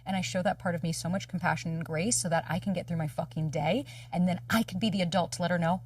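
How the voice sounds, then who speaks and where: A woman's voice: fairly low pitch, fast, hardly any pauses, darkish tone, breathy edge, no echo, distant mic. A woman dating coach telling candid personal stories in a casual podcast chat, swearing freely. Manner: candid, emotional storytelling with frequent swearing.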